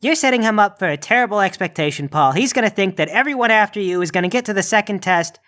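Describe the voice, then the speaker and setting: A man's voice: sits high, lively intonation, fast, sharp tone. A man voicing a grumpy, defensive male Krampus demon who is a tired father, in a tabletop game. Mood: grumbling. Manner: defensive and grumbling.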